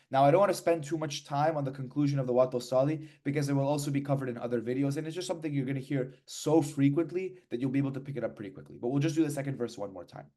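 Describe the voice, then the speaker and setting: A man teaching hymns, explaining patiently and then chanting verses slowly. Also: mid-range voice, warm tone. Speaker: hymn teacher. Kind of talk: hymn lesson, speaking and chanting.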